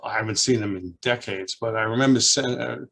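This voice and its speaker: A man in his seventies reminiscing in an oral history interview, a lively storyteller who rambles with restarts and acts out children's voices. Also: on the low side, fairly quick, gravelly, slight background noise. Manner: rambling with frequent restarts and asides. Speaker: alumnus being interviewed.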